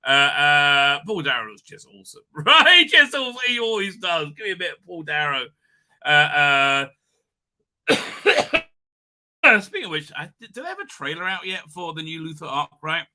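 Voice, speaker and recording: A man with a croaky voice from being sick, hosting a rambling casual livestream. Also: fairly high pitch, sing-song, moderate pace, pushed and bright. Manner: rambling, many restarts and fillers. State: hoarse from illness. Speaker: livestream host.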